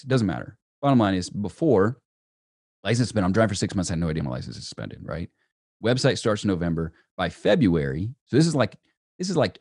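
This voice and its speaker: Young male guest, very low and rapid, animated storyteller, dry close mic. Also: no room sound. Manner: animated storyteller, many "right?" asides. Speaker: entrepreneur guest. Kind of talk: storytelling in a podcast interview.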